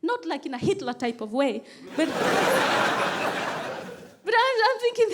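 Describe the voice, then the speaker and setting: A woman comedian on a stage mic, with a high, bright voice. She tells her stories with animated energy and repeats phrases for comic build-up. Her quoted pleas are acted out. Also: takes it slowly, pauses often, background noise. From Kenya. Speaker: stand-up comedian. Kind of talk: stand-up storytelling.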